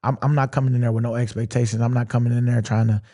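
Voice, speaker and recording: A man with a mellow, dark voice gives an unhurried sit-down interview about his playing career. He talks in a relaxed, drawling way and slips into quoting his own thoughts mid-story. His tone stays reflective throughout. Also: mid-range voice. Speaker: interview guest, pro football player.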